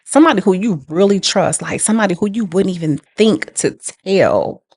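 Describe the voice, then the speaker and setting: A woman's voice: medium pitch, animated, a little fast, darkish tone, breathy edge, dry recording. A young woman telling her life story in a casual, emphatic way, repeating phrases for weight. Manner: casual, emphatic, repeats phrases, laughs through hard memories. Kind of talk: candid personal storytelling.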